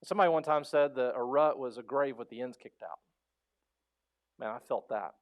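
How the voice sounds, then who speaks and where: A man preaching a sermon as pastor, animated and conversational, acting out voices and asking the congregation questions. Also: medium pitch, fairly quick. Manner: animated storytelling, acts out quoted voices; conversational, asks the crowd questions.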